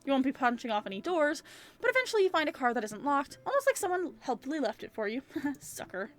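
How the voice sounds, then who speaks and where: A woman hosting a gaming channel, reading a visual novel aloud in an animated, playful way with casual swearing and joking asides. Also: high voice, quick pace, soft background music.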